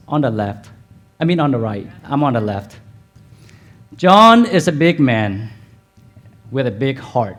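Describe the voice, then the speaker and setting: A man with a Vietnamese accent, a dentist, telling his story in an animated keynote speech at a hotel event, asking the audience questions. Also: a little high.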